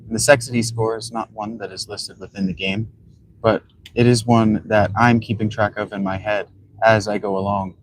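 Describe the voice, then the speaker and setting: A man's voice: fairly low pitch, little pitch movement, normal speed, poor audio. A man giving blunt, rambling commentary while he plays a video game. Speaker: gaming streamer. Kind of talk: casual commentary while playing.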